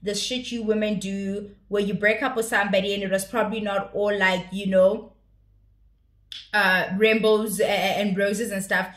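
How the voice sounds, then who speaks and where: A woman's voice: mid-range voice, little pitch movement, moderate pace, a bit bright, roomy sound. A woman giving casual recap commentary on a reality show, blunt, profane and opinionated.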